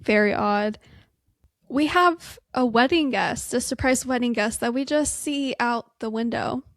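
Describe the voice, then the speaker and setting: A woman's voice: on the high side, a little slow, no room sound, studio quality. A young woman co-hosting a podcast in casual chat, agreeable and enthusiastic. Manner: agreeable, enthusiastic, uses like often. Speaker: podcast co-host.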